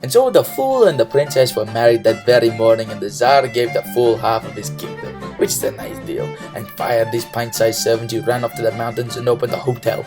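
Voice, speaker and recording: A storyteller giving a playful, comic reading of a folk tale, tossing in jokey asides and building to big exclamations. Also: medium pitch. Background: music.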